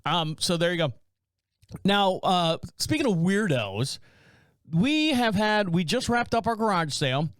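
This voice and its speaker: High-voiced, smooth-toned rambling male host. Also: animated, unhurried, fairly bright tone, dry recording, clean studio sound. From North Carolina. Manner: rambling, self-interrupting storyteller who acts out neighbors' lines. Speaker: podcast host. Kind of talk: casual solo podcast monologue. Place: small home studio.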